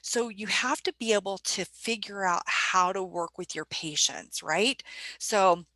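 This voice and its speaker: Woman trainer w/ a bright voice, chatty webinar talk, dry close mic. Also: mid-range voice, unhurried, no echo. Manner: conversational, asks the audience questions.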